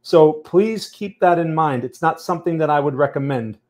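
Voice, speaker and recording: A trading channel host runs a live stream, analysing the market and reading chat. His voice sits on the high side with a darkish tone at a normal speed, and he keeps things conversational, checking in with "okay?" and "right?"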